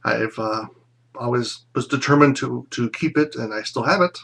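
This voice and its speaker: A man in his thirties recording a casual video message for old classmates, reminiscing in a rambling, fond way with many pauses. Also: mid-range voice, gravelly, fairly bright tone, slightly rough. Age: 30s. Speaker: former classmate sending a reunion message.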